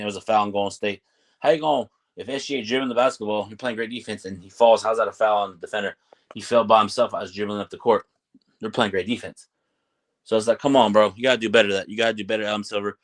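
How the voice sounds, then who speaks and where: Fired-up man ranting about basketball. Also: fairly low pitch. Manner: animated, fired-up, acts out players and referees. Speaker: basketball commentator. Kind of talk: casual sports rant.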